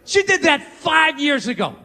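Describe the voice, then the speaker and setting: A man's voice: very high voice, big pitch swings, normal speed, vocal fry, bright, forceful tone. A male stand-up comedian doing a routine on a stage in a large hall, in a ranting, exasperated and profane way. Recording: reverberant hall, faint noise.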